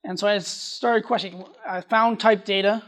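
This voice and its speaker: A conference speaker giving a technical presentation, talking quickly and often restarting sentences. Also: medium pitch, steady tone, a bit bright.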